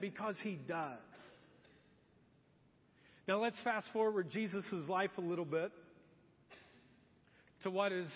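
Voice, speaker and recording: A man's voice: high voice, husky, big-room sound, highs cut off. A man preaching a sermon as a pastor, in a casual, joking storytelling manner.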